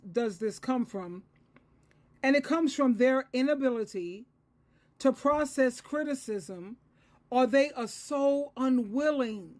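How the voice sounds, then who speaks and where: A woman's voice: sits high, a little mellow. A woman in her sixties, an advice coach and Christian counselor, giving a solo advice talk in an earnest, lecturing way and repeating phrases for emphasis. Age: 60s.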